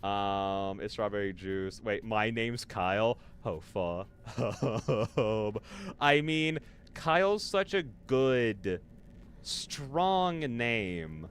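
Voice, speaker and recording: A man's voice: lowish voice, animated, very slow, slight background noise. Chatty male game streamer. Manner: chatty, rambling, heavy on "like" fillers; reads chat aloud and answers viewers. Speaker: livestreamer. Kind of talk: live horror game commentary.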